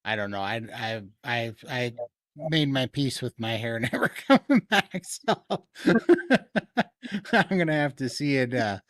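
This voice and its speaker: A man's voice: mid-range voice, expressive, takes it slowly, a bit bright, no room sound, studio quality. A man hosting a casual live-stream chat, easygoing and laughing often.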